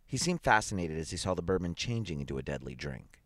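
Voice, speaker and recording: A man reading a dramatic short story aloud in an expressive, measured way. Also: low voice, dry recording. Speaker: story reader.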